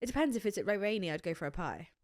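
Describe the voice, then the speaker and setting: A woman co-hosting a podcast while ill and congested, teasing her friend with quick interjections. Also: mid-range voice, expressive, no echo, studio quality. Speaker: podcast co-host. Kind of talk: casual chat.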